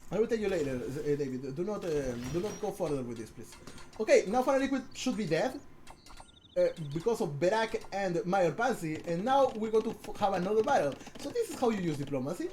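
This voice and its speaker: A man's voice: sits high, fairly quick, slight background noise. Guy casting a strategy game on stream, bouncy up and down voice, lots of restarts, chatting w his viewers. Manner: excitable, talks to chat, many restarts and repeats. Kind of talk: live stream game commentary.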